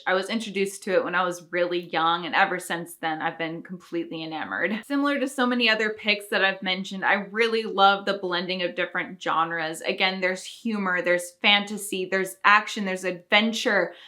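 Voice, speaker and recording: Her voice pushed and bright at a medium pitch, this film review YouTuber gushes about the movies she loves. The talk is relaxed and eager, with plenty of laughter.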